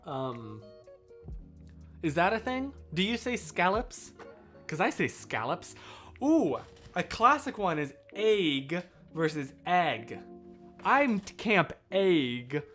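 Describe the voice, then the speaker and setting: A male streamer talks loosely into a boom mic. His pitch swings a lot as he wanders from thought to thought and keeps breaking off mid-sentence. Soft music plays low behind him. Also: takes it slowly. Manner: rambling, animated, self-interrupting. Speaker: livestreamer. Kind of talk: casual livestream chat. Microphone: boom mic out of shot.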